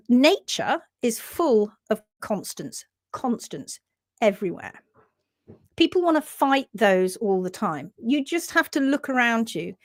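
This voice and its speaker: Animated British woman live-streaming. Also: on the high side, no echo, studio quality. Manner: earnest and animated, with sudden whispers and laughs. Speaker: host of a live stream for horse owners. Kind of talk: live-stream chat, reading out viewer comments.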